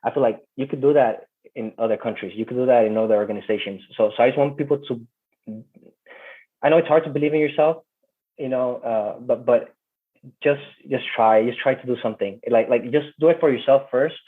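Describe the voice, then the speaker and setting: Halting man on a tinny line. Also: mid-range voice. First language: not English. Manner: halting, repeats words while searching for them. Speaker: interview guest. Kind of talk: casual interview talk. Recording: tinny phone-like call audio.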